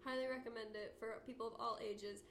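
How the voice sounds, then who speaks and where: A nineteen-year-old woman co-hosting a podcast in casual, giggly chat with quick asides. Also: on the high side, steady tone, a bit bright, a little hiss or hum. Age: teens. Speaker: podcast co-host.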